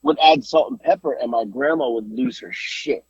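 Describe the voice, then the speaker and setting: A man with a rough, breathy voice tells a story on a podcast in loose, casual chat. His pitch jumps around a lot as he rambles and restarts, and the sound is dry and slightly muffled, like a low-fi home recording. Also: huge pitch swings, normal speed, dry recording. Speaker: podcast host.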